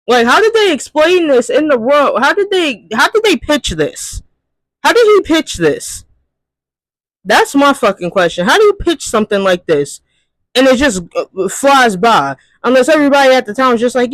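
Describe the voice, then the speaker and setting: A man's voice: very high voice, very animated, normal speed, fairly bright tone, dry recording, rough recording. A man ranting in a profane, exasperated movie commentary, firing off rhetorical questions. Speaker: commentary youtuber.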